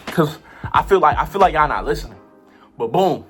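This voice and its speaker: Animated young woman telling a story. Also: low voice, fairly quick, soft background music. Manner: animated, lots of "like" and repeated phrases. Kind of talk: casual storytime vlog.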